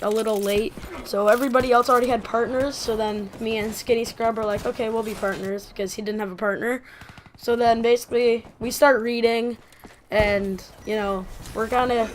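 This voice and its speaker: A woman vlogger telling a casual story, rambling and animated with many fillers. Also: fairly high pitch, a little hiss or hum.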